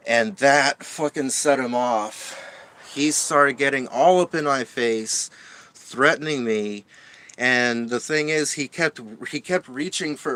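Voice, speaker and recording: A man's voice: medium pitch, unhurried, a bit bright. A man venting in a rambling storytime vlog, stammering and swearing, upset and shaken. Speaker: vlogger.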